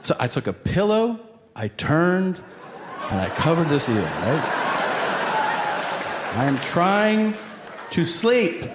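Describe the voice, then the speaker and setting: A middle-aged man doing stand-up storytelling on stage, animated and jumping into loud acted quotes. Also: mid-range voice, in a large hall. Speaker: stand-up comedian. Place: comedy stage. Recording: live stage recording with audience noise.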